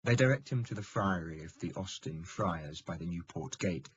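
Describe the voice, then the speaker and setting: A man reading a historical novel aloud in steady, measured audiobook narration. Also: low-pitched, dull audio, slight background noise.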